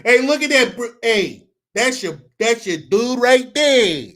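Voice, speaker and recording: A man voicing a brash street guy who heckles and catcalls loudly. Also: very high-pitched, animated, measured pace, voice pushed up, exaggerated voice.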